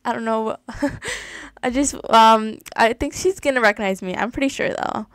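A woman's voice: fairly high pitch, normal speed, clear, resonant tone, dry recording, rough recording. A young woman chatting casually as she plays, gushing and giggling often as she comments on her game. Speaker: gaming YouTuber.

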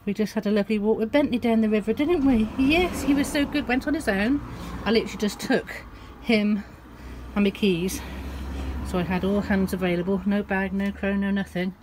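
A woman's voice: medium pitch, fairly quick. Chatty woman vlogging outdoors. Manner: chatty, breaks into fond baby talk to her cat. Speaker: van-life vlogger. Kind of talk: casual vlog chat to camera. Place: outdoors at a campsite field. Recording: outdoor background noise.

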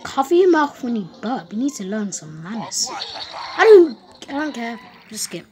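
A woman giving casual gameplay commentary at home, excitable and panicky, repeating words in quick bursts. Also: fairly high pitch.

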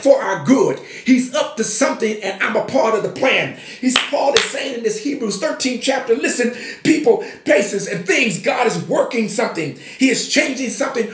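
A man with a high voice preaches a sermon, building from steady declarations into emphatic shouts. His voice carries through an echoey room, as if in a church sanctuary. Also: normal speed, soft background music. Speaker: pastor.

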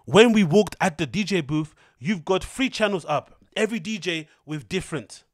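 A man voicing a furious club DJ who rants at a rival with wounded pride. He uses a hammy, vague foreign accent and a scolding tone. The voice sits a little high and sounds close and dry. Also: lively intonation, normal speed, no room sound. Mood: indignant. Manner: indignant, scolding. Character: irate male club DJ ranting at a rival.

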